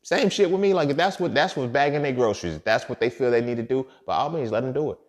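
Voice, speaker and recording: A man hosting a podcast and speaking a casual monologue, blunt and profane, repeating his points. He swings from loud emphatic outbursts to quiet muttered asides. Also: mid-range voice, lively intonation, fast. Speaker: podcast host.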